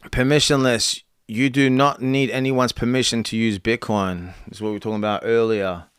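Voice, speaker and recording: A man's voice: medium pitch, fairly even intonation, a bit bright, clear, resonant tone, no echo, studio quality. Man reading cards on a stream. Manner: reads cards aloud haltingly, restarts and chats. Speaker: content creator. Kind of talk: casual livestream chat.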